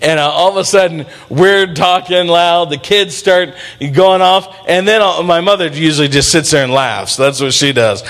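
A middle-aged male pastor preaching a sermon in an animated way, with playful asides and bits where he acts out voices. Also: on the high side, moderate pace, few pauses.

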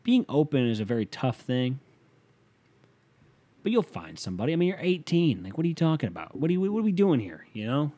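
A man's voice: on the high side, big pitch swings, brisk, mellow. A man in his twenties hosting a casual podcast, reading a listener's letter and giving advice in a rambling, profane, joking way. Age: 20s. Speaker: podcast host.

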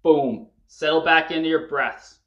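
A man's voice: medium pitch, unhurried, lo-fi sound. Man leading a fierce breathwork session. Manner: coaching, urgent and commanding, swearing at peaks. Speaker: breathwork facilitator.

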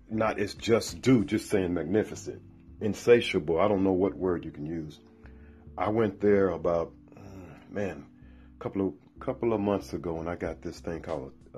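A man's voice: low-pitched, a little mellow. A man hosting a casual podcast, talking with enthusiasm and stumbling over restarts. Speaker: podcast host. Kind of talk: casual promotional podcast talk. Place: Birmingham, Alabama.

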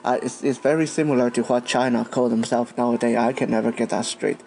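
A man's voice: mid-range voice, fairly even intonation, a little fast, creaky, darkish tone, slight background noise. A man from Taiwan, a podcast host giving a patient language lesson and spelling out words letter by letter.

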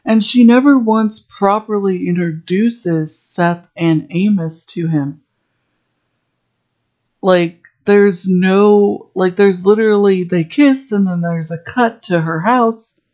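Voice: medium pitch, slow, a little mellow, muffled recording. A podcast host in a casual episode recap, rambling and chatty, full of "like" fillers and restarts.

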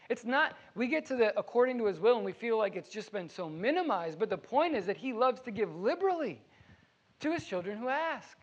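A man's voice: very high voice, big pitch swings, a little fast, breathy edge, lo-fi sound. A man preaching a sermon as pastor, earnest and conversational, with everyday examples. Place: church.

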